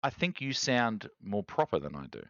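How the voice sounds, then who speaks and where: A man's voice: on the low side, moderate pace, no echo, highs cut off. An Australian man hosting a casual live stream, chatting with viewers and reading chat aloud. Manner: chatty, reads chat aloud, animated rants. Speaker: streamer host.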